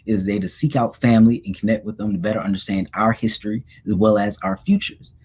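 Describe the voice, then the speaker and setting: A young man speaking as a guest on a livestream, earnest and relaxed, with casual slang. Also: fairly low pitch, quick pace, husky. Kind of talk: informal lecture and chat.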